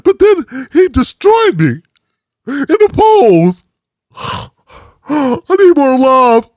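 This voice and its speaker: A man's voice: very high-pitched, wildly swooping pitch, extremely slow, a little mellow, dry recording, exaggerated voice. A man doing a mocking impression of a male politician who pleads for more love between gasps. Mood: pleading mockery.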